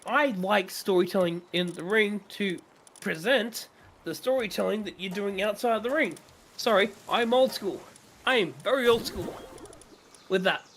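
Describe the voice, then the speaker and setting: High-voiced man ranting animatedly. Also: a little slow. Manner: animated, opinionated ranting with swearing. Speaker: streamer co-host. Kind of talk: casual chat during a gaming stream.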